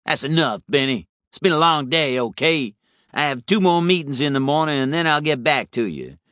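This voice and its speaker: A man voicing an exasperated businessman talking on his cell phone, raised and lively. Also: a little high, normal speed, no echo, clean studio sound, pitched above the performer's own voice. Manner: brash, exasperated.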